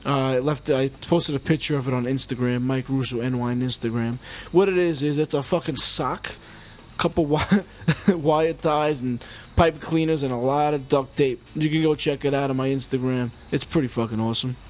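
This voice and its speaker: A man's voice: medium pitch, fairly even intonation, moderate pace. A man in his forties hosting his own podcast, rambling and heated, swearing often as he talks into a mic with a homemade pop filter at home. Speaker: podcast host. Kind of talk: casual profane monologue.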